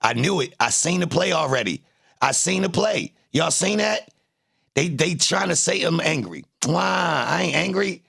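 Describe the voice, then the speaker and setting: A man hosting a livestream, talking in a casual, animated, boastful way full of profane trash talk. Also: on the high side, moderate pace, creaky, breathy edge. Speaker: livestream host.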